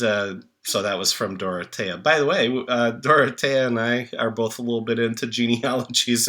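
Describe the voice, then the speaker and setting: A man delivers a heartfelt memorial tribute at a very slow, halting pace, pausing often. His voice sits somewhat low yet sounds bright and forward. He fills gaps with frequent hesitations. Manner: slow, halting, many filler pauses. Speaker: channel host reading tributes. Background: soft music.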